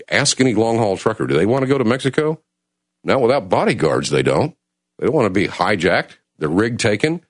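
A man hosting a call-in talk radio show, speaking with urgent, emotional passion that swings between loud and hushed. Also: medium pitch, dry recording, studio quality. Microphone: studio mic.

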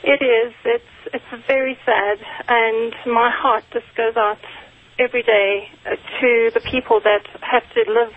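A woman with a South African accent calling in to a radio show, polite and soft-spoken. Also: fairly high pitch, steady tone, a little slow, dry recording. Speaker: caller. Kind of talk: call-in conversation. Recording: tinny phone line.

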